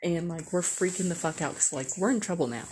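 A woman's voice: lowish voice, fairly quick, darkish tone, slight background noise. A woman casually telling a candid, profane story, full of "like" and blunt asides. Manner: candid, profane, heavy use of "like".

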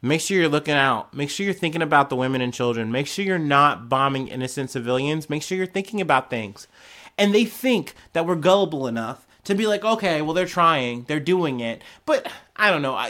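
A man's voice: on the high side, pushed and bright. Profane, sarcastic man ranting. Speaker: podcast host. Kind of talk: casual news commentary.

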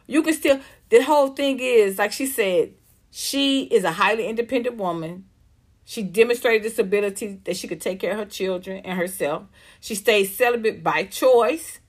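A woman's voice: mid-range voice, normal speed. A woman hosting a livestream in a casual commentary style. She reads viewer comments aloud and answers them bluntly and emphatically, with plenty of profanity. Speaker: livestream host reading chat comments.

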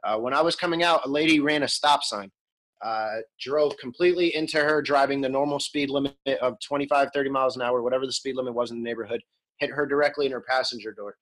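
A man's voice: medium pitch, quick pace, fairly bright tone, low-quality recording. A man in his thirties, an interview guest telling his story frankly and conversationally, with frequent ums and restarts. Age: 30s. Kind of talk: candid storytelling.

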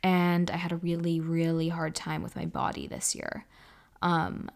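A woman in her twenties hosting a reflective solo podcast, speaking softly and earnestly and often sinking into a breathy whisper. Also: fairly low pitch, monotone, measured pace. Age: 20s. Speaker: podcast host.

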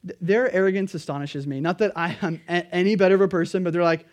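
Male pastor, higher voice, earnest emphatic sermon delivery. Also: quick pace. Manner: emphatic preaching, pleading then quietly earnest.

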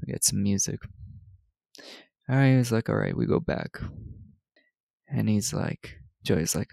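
Podcast co-host, male, gravelly low-key voice, dry close sound, laughs a lot while retelling movie scenes. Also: warm tone, no echo. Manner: laughing often, retelling scenes with quick quoted lines. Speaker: podcast co-host recapping a film. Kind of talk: casual chat.

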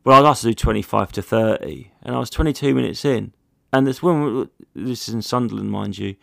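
A man's voice: medium pitch, a little fast, creaky, fairly bright tone, dry recording, studio quality. A man, a comedian hosting a casual solo podcast, rambling through jokey stories with plenty of swearing.

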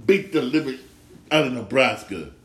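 A man's voice: medium pitch, expressive, moderate pace, roomy sound. A man hosting a casual solo sports talk show, emphatic and repetitive, circling back to the same points again and again. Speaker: sports podcast host.

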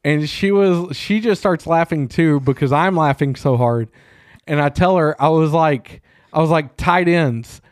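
A man co-hosting a podcast, telling a profane, animated story in casual chat. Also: fairly high pitch, measured pace, no room sound, clean studio sound. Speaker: podcast co-host. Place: small room.

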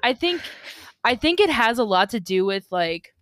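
Woman, young adult, podcast co-host, animated storyteller, smooth clear tone, dry close sound. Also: fairly high pitch, normal speed, no echo. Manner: animated storyteller, acting out quoted people. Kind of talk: casual chat.

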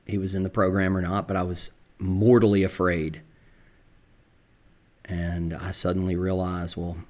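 A middle-aged man with a Southern American accent, telling his own recovery story in a reflective, confessional way. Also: sits low. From Southern United States. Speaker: podcast storyteller.

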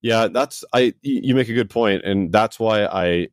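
A man's voice: fairly low pitch, moderate pace, no echo, studio quality. A man hosting a casual conversation, friendly and joking, often stumbling over his words.

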